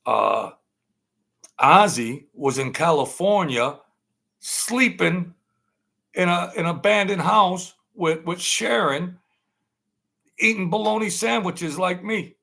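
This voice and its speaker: Man, unhurried, rough gravelly voice, halting storytelling monologue, many fillers. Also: medium pitch, sharp tone. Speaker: channel host telling stories.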